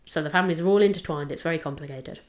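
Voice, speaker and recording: Chatty woman with a lowish voice. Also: rapid-fire, darkish tone. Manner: chatty, rambling, with fillers and self-checks. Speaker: podcast co-host presenting the case. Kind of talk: casual chat.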